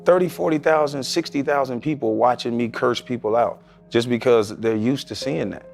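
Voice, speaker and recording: A former basketball player speaks as a podcast guest with a gravelly, creaky voice. He argues his point bluntly and with emphasis. Faint music plays underneath. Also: medium pitch, moderate pace, a little mellow. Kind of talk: podcast interview.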